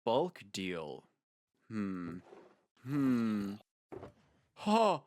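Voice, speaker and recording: A man's voice: lowish voice, animated, measured pace, a bit bright, slight background noise. A man giving casual gameplay commentary as a video creator, jokey and rambling, with playful asides.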